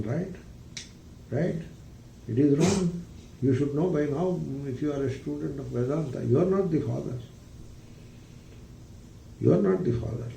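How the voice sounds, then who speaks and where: A man, a spiritual teacher, giving a philosophy discourse in a deliberate, emphatic way, with rhetorical questions. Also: on the high side, gravelly, warm tone, a little hiss or hum. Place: retreat ranch hall. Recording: roomy, distant mic, faint ambience.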